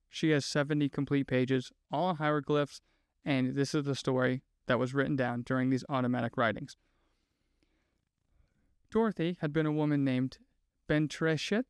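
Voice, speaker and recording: A man's voice: medium pitch, clear, resonant tone, no room sound, clean studio sound. A man hosting a podcast, telling a story in a casual, chatty way, full of fillers and asides. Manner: chatty, lots of "like" fillers, laughs at own asides. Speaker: podcast host.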